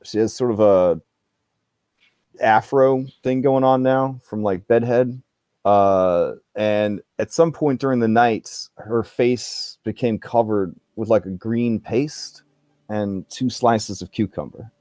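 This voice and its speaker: A man's voice: fairly low pitch, takes it slowly, mellow, dry recording, studio quality. A man running a tabletop game as game master, narrating in a chatty way full of fillers and jokey asides.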